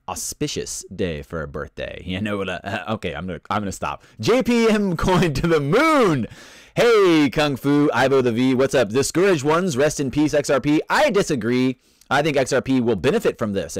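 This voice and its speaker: Male streamer, casual and self-mocking, very animated pitch, dry close-miked sound. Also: dry recording. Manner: playful, rambling, self-mocking, reads out chat comments. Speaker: live stream host. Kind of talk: casual live stream chat, greeting viewers.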